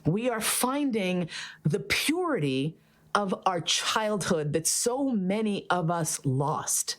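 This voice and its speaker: A woman's voice: medium pitch, takes it slowly. A woman hosting a podcast, telling stories in casual chat, swearing freely and laughing often. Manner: profane, animated, laughs often. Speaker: podcast host.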